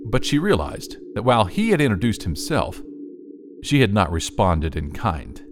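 A man's voice: fairly low pitch, big pitch swings, moderate pace, noisy background. A man narrating a children's story in an audiobook.

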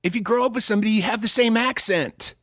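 A man co-hosting a comedy podcast, telling crude, profane stories with animated delivery. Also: high-pitched, quick pace, no room sound, studio quality. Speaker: podcast co-host. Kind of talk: casual comedic chat.

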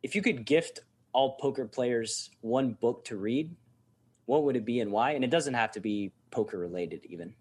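A man's voice: medium pitch, normal speed, a little mellow, husky. A man hosting a casual interview and asking curious questions.

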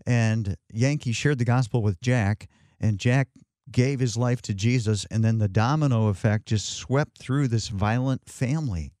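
A man's voice: medium pitch, a little slow, a little mellow, no room sound, studio quality. A man hosting an interview, reacting and introducing his guest in an enthusiastic, emphatic way. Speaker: host. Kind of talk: interview conversation.

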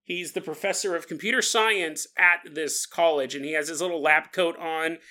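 A man's voice: on the high side, steady tone, moderate pace, bright, forceful tone. A man hosting a podcast, telling a story in a playful, rambling way and laughing often. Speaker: podcast host.

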